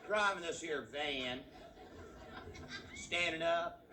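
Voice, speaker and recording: A man putting on a high-pitched griping West Texas van driver. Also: slow pace, distant mic, very noisy. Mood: fed up. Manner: folksy drawl, rambling complaints. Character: grumbling country man driving a van.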